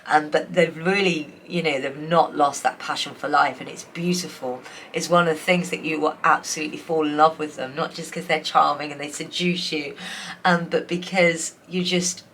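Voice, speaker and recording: A woman's voice: deep voice, fairly even intonation, normal speed, fairly bright tone, a little hiss or hum. A woman giving a tarot reading, emotional and tearful, rambling with many restarts. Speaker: tarot reader. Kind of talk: pick-a-card tarot reading.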